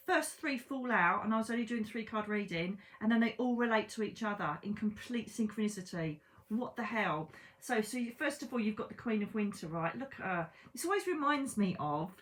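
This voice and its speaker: A woman's voice: fairly high pitch, a bit bright. A woman giving a chatty tarot reading to camera from her bed, bubbly and full of exclamations. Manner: bubbly, exclamatory, talks straight to viewers. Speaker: psychic tarot reader. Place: at home in bed.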